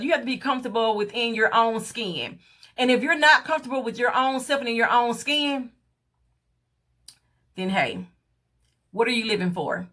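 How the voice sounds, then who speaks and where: A woman's voice: a little high, bright, forceful tone. A young adult woman vlogging a candid, emphatic motivational talk about confidence, acting out what others said to her. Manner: candid, emphatic, acts out quoted voices.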